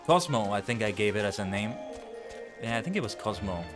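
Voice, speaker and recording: A man's voice: fairly low pitch, animated, fairly quick. A man giving casual, chatty commentary while playing a game, sometimes stumbling over his words. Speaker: streamer. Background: game music.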